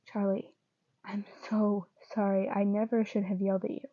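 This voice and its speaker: A woman's voice: mid-range voice, level tone, normal speed, dull audio, natural voice. A woman reading the part of a young man who is a hot-tempered but caring boyfriend. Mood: remorseful. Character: young man, angry then remorseful boyfriend.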